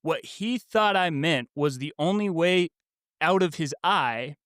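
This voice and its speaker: A man's voice: fairly high pitch, lively intonation, unhurried, a bit bright, clean tone, dry recording, clean studio sound. A man co-hosting a book podcast, telling a family story in casual chat with frequent laughs. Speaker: podcast co-host.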